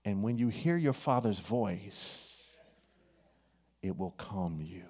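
Preacher in a long-echoing hall. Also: male voice, lowish voice, breathy edge. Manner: builds from hushed, drawn-out phrases to loud excited bursts. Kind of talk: sermon.

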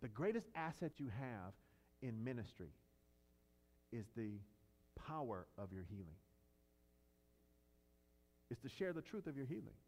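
A man preaching a sermon, swinging between loud emphatic peaks and quiet low lines, with conversational asides and stories. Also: big pitch swings, unhurried, long pauses, long reverb tail, slight background noise. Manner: conversational asides and storytelling with fillers and restarts. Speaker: pastor.

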